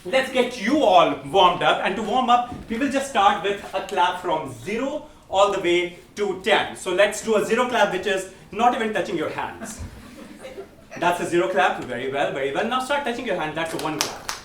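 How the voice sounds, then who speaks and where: A man's voice: high voice, expressive, moderate pace, fairly bright tone. A man hosting a live comedy game show on stage, with playful, teasing crowd work. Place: stage in front of a live audience. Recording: roomy echo, far from the mic, audience noise.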